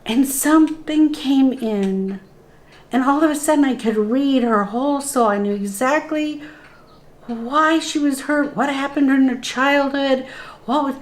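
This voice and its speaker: Slow, earnest woman telling her story. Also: high-pitched. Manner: slow, earnest telling that replays dialogue in the moment. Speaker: spiritual guide and interview guest. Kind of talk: personal storytelling in conversation.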